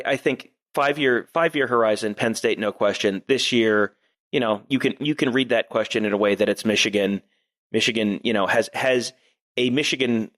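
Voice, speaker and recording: Male podcast co-host, lowish voice, measured analyst who thinks out loud. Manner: measured, thinks aloud with frequent restarts. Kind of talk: casual analytical sports talk.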